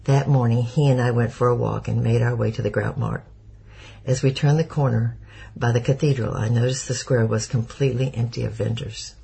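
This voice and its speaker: A man narrating an audiobook chapter in a measured storytelling manner. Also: medium pitch, steady tone, gravelly, dark tone, breathy edge, rough recording. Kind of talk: scripted narration.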